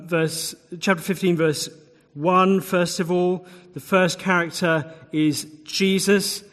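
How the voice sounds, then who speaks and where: A man preaching an expository sermon in a church hall, explaining the text with repeated words for emphasis. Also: on the high side. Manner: expository, restarts and fillers, emphatic repetition. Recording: long hall reverb.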